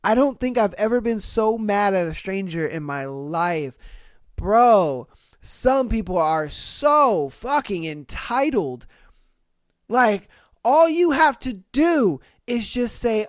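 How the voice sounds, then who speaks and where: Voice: medium pitch, slow, dry recording. Swearing podcast host, dry close sound. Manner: profane, animated, slangy, acts out the people in the stories. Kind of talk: casual storytelling, reading out and reacting to posts.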